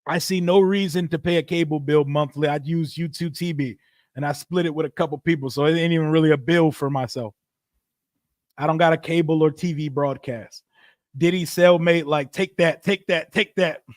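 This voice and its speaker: A man's voice: a little high, steady tone, fairly quick, a little mellow, dry recording, clean studio sound. A man hosting a live football watch stream, reading chat aloud and calling plays in a loose, profane, joking way. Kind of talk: casual live reaction and play-by-play.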